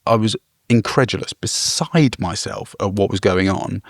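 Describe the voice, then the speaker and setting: Brief: male podcast co-host, gravelly low voice, lively storyteller, dry close sound. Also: normal speed, no room sound. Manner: animated storytelling, laughs often. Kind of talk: casual chat.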